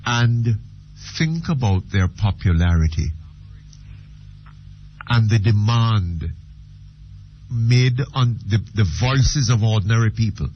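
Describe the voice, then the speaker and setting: An older man hosting a radio talk discussion, speaking slowly and emphatically with repeated words. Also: on the low side, animated, a little hiss or hum. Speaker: radio talk show host. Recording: dull lo-fi radio archive.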